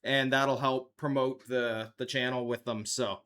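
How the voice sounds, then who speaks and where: A man's voice: mid-range voice, flat delivery, unhurried, a bit bright. A man hosting a live stream, chatting casually with his viewers and laughing often at a desk microphone. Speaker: livestream host.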